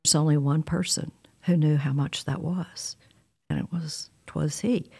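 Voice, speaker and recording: A woman's voice: sits low, a little slow, creaky, slightly rough. A woman, telling a personal story in a candid, wry way. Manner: candid, wry, animated retelling with quoted dialogue.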